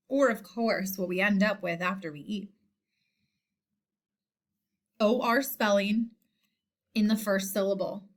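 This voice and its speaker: A woman teacher walks through a spelling lesson, saying each word, using it in a sentence and then saying it again. She talks at an unhurried pace in a fairly high voice. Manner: slow, deliberate, repeats each word. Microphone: screen recording voice-over.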